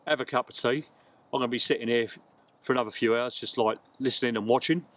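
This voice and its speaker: A man chatting casually to camera as he fishes by a lake, explaining his tackle as he goes. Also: medium pitch. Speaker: angler vlogger. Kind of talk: casual outdoor fishing vlog. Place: outdoors by a lake.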